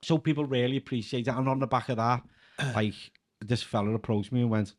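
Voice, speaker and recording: A man's voice: medium pitch, fairly even intonation, a little fast. A man with a Scouse accent, a comedian guest telling casual stories on a podcast, chatty and laughing often. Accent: Scouse (Liverpool). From Liverpool, England. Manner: chatty, breaks into laughter, leans on filler "like". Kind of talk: casual anecdotal storytelling.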